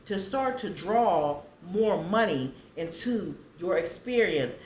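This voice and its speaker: A woman vlogger casually talking to viewers and slowly reading affirmations aloud so they can write them down. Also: on the low side, lively intonation, darkish tone, roomy sound, slight background noise. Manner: slow, deliberate reading for viewers to copy.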